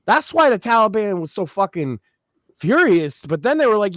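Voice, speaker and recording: A man co-hosting a casual political chat show, talking bluntly with lots of swearing and emphatic, rough-edged opinions. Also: sits high, very animated, normal speed, a bit bright, no echo, clean studio sound. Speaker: podcast co-host.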